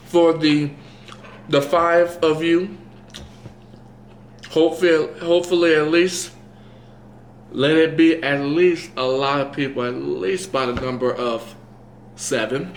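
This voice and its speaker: A man's voice: fairly high pitch, slight background noise. A young man vlogging while he eats, rambling and self-mocking, woozy after having his eyes dilated. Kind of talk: rambling casual chat to camera. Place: indoors at home, eating. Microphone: camera mic. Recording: roomy echo, faint clatter of dishes.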